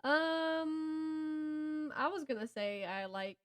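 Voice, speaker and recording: Rambling Southern woman with a higher voice. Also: steady tone, extremely slow. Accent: Southern American. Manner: rambling, self-interrupting, laughs often. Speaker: podcast co-host. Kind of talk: casual chat about books.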